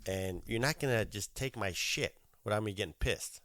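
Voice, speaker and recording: A man's voice: lowish voice, moderate pace, fairly bright tone. A man hosting a podcast, telling an annoyed story in a casual, profane rant and acting out both sides of his phone calls. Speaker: podcast host.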